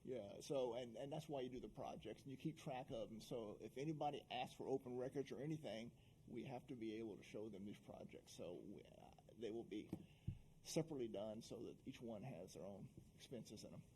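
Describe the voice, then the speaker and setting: Mellow-voiced man explaining a budget. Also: medium pitch, fairly quick, slight background noise, poor audio. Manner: explaining, plainspoken. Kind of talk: meeting discussion.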